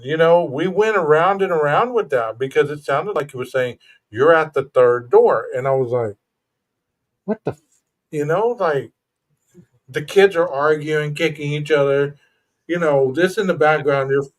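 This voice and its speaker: A man's voice: a little high, normal speed. A man co-hosting a podcast, telling stories in casual chat and acting out what people said. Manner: animated storytelling, acts out quoted lines. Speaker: podcast co-host.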